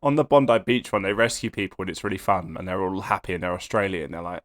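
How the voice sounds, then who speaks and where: A man's voice: sits low, fast. A man on a comedy podcast, flustered and teasing and often giggling. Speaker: podcast co-host. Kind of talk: casual comedic chat.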